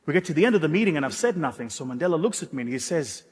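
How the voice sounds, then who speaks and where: A man's voice: a little high, very fast, few pauses, slightly rough. South African man telling a story onstage. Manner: animated, dramatic storyteller with self-mocking humor. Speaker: keynote speaker. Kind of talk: motivational keynote storytelling. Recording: echoey hall.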